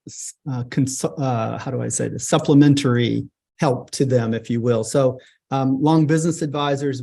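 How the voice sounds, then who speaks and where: A man hosting a business webinar on a video call, halting with fillers but upbeat. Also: medium pitch, creaky, darkish tone. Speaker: webinar host, business advisor.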